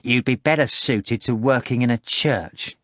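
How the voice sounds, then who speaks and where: A man's voice: mid-range voice, unhurried, fairly bright tone, no echo, lightly acted. A stern, commanding manager who scolds and barks orders, as a male narrator puts him on. He sounds hard and clipped, close to a dry mic with no room around him. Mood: cold. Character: commanding restaurant manager posing as a stern pirate-like boss.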